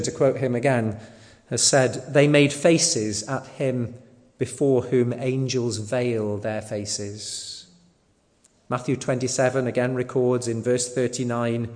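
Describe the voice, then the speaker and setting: A man preaching a sermon in a slow, deliberate way, sometimes asking the listeners rhetorical questions. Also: mid-range voice, darkish tone. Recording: long hall reverb.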